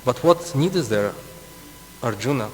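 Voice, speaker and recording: A man's voice: mid-range voice, animated, measured pace, darkish tone. Guy teaching a scripture class in a temple hall, long reverb, lil background hum, laughs a lot. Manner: chuckles often, explains with asides. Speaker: preacher.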